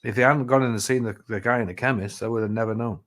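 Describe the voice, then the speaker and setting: A man's voice: medium pitch, fairly even intonation, quick pace, a bit bright. A man telling stories in a casual chat, rambling and swearing freely with lots of "you know". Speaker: live chat host.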